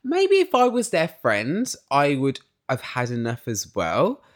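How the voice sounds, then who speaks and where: A man's voice: medium pitch, huge pitch swings, a little slow. A young man hosting a podcast, chatting casually and bluntly, often acting out quotes in his recap. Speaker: podcast host. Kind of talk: casual opinionated recap chat.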